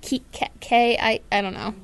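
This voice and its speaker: A woman's voice: fairly high pitch, fairly even intonation, moderate pace, gravelly, clean tone. A woman co-hosting a casual web talk show, chatting and giggling often, with lots of "like" fillers. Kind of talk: casual chat.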